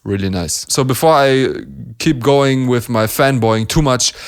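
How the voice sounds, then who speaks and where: A man's voice: mid-range voice, unhurried, clear, resonant tone. Enthusiastic man. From Germany. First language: German. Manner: enthusiastic, laughs often, demonstrates sounds. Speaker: beatbox reaction host. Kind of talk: casual analysis commentary.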